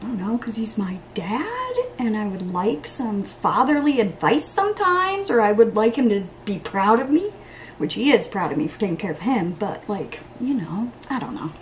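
A young woman chatting through her makeup routine in a get-ready-with-me vlog at home, rambling, excitable and laughing at herself. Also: mid-range voice, normal speed, a little hiss or hum. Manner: rambling and self-mocking, laughs often; excitable, hyper. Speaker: beauty vlogger.

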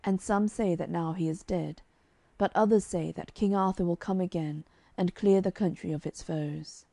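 Woman audiobook narrator, lowish mellow voice, calm measured storybook read. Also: creaky, dry recording.

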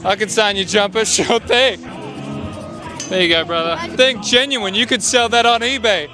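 A man's voice: sits high, moderate pace, a crowd in the background, close to an everyday voice. A man putting on a cocky American footballer. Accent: put-on American. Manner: brash, self-promoting, playful. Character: impression of a tall American footballer, cocky and boastful. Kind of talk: street prank comedy. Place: outdoors at a busy urban football venue. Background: music.

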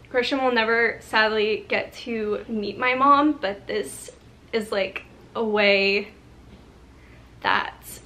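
A young woman in her twenties talking in an unscripted vlog, halting and close to tears, with many restarts and pauses. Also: a little high, a bit bright. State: on the verge of tears. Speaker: lifestyle vlogger. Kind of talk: emotional unscripted vlog talk.

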